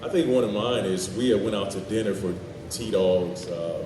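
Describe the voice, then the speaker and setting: A man's voice: fairly low pitch, moderate pace, background noise. A man on a convention panel telling a story in a casual, colloquial way, laughing along. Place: large convention hall. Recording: echoey hall, far from mic, background ambience.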